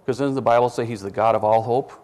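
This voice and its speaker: A man's voice: mid-range voice, fairly even intonation, quick pace, darkish tone. A man preaching a sermon in a conversational way, quizzing his listeners with questions and dropping self-deprecating asides.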